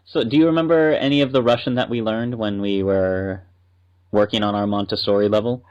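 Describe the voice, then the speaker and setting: A man's voice: on the low side, steady tone, brisk, clear, resonant tone. Chatty male podcast co-host, muffled. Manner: chatty and explanatory. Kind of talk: casual podcast chat.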